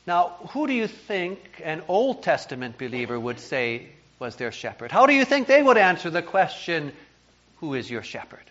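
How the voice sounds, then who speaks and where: A man with a fairly high voice preaches a sermon, earnest and emphatic, now and then stumbling over a repeated word. The recording is dull and lo-fi, made in a church. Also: big pitch swings, normal speed, a bit bright. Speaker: pastor.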